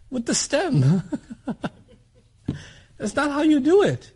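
Animated, husky-voiced male lecturer. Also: very high voice, unhurried. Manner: animated, explanatory, acts out quotes, asks rhetorical questions. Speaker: Quran teacher. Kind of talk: religious lecture.

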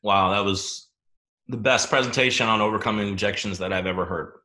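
A man's voice: on the low side, brisk, bright, forceful tone. A man hosting a coach training session, giving an emphatic motivational talk and asking the audience questions.

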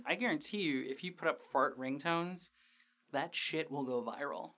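A young man hosting a podcast, recapping an episode in a casual, animated, jokey way with crude asides and lots of fillers. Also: a little high, moderate pace. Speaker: podcast host reviewing a TV episode.

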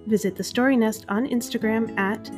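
A woman hosting a children's story podcast, reading aloud in a gentle, expressive way. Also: fairly high pitch, moderate pace, music in the background.

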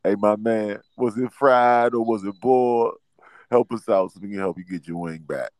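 A man's voice: lowish voice, normal speed, darkish tone, no room sound. A man hosting a casual live stream, loose and laughing as he coaxes callers to perform.

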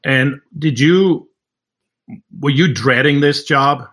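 A man in his sixties, a retired kicker hosting the conversation, asking teasing, animated questions. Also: mid-range voice, slow. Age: 60s. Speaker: host, retired football kicker. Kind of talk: casual conversational interview.

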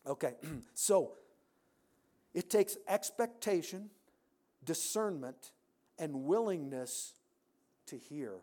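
A man preaching a sermon in a church, emphatic, rising to loud peaks and dropping to quiet endings. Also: a little high.

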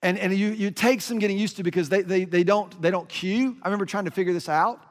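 An American man delivers a sermon as a lively story, his voice pitched fairly high for a man. He talks with emphasis and keeps stumbling into restarts. A long hall reverb trails his words. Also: fast talker. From United States. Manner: animated, emphatic, many restarts.

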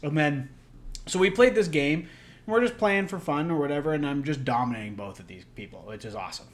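Young male podcast co-host, loose rambling storyteller, slightly high voice. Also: lively intonation, fairly quick. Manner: rambling, laughing storyteller with many fillers. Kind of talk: casual storytelling chat.

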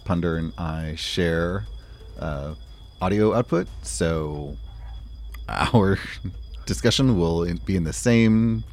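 A man's voice: deep voice, slow, pauses often, a little mellow. A man hosting a tabletop podcast, reading announcements in a friendly, upbeat way. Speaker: podcast host and player. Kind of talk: read announcements and casual chat.

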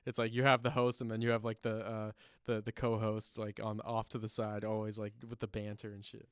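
A man's voice: on the low side, monotone, brisk, clean tone, dry recording, studio quality. A man talking as a podcast guest, laid-back and rambling, swearing freely. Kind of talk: casual podcast chat.

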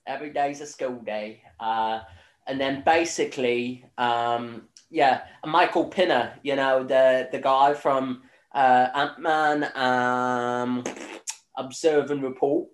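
A man's voice: mid-range voice, fairly even intonation, slow. A young Northern Irish man recapping a film in casual chat, rambling with lots of fillers, swearing and laughing. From Northern Ireland. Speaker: podcast host. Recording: echoey room.

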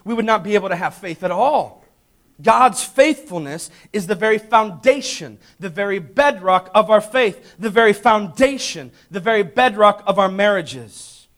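A man preaching a sermon as pastor, calling out to the congregation and swinging between loud emphatic peaks and hushed asides. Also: high voice. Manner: preaches with call-and-response to the congregation. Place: church.

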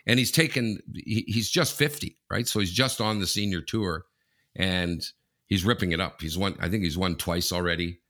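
A man's voice: low-pitched, normal speed, a bit bright. A man co-hosting a casual sports podcast, blunt and joking, often repeating his words. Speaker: podcast co-host.

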